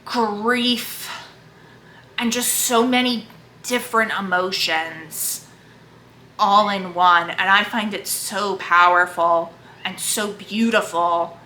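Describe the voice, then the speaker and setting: A woman's voice: mid-range voice, slow, bright, forceful tone, slight background noise. A woman at home in a casual, enthusiastic book talk, effusive about what she loves. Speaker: book video creator. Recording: echoey room.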